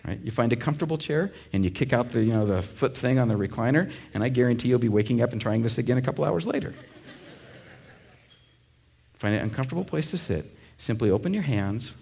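A man's voice: mid-range voice, fast talker, gravelly, darkish tone, breathy edge. A man preaching a sermon to a congregation in a conversational way, with asides and jokes. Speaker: pastor.

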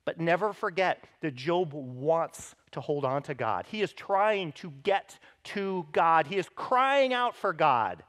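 A man's voice: animated, takes it slowly, few pauses, a bit bright. Emphatic male pastor preaching. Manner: emphatic, rises in pitch and volume when voicing scripture; speaks directly to the congregation with frequent "right?". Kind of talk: sermon.

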